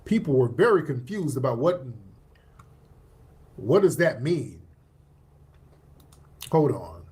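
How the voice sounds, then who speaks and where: A man hosting a livestream and commenting emphatically on social media posts, often pausing to scroll. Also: mid-range voice, darkish tone. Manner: emphatic, often stops with "hold on" while scrolling. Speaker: livestream host.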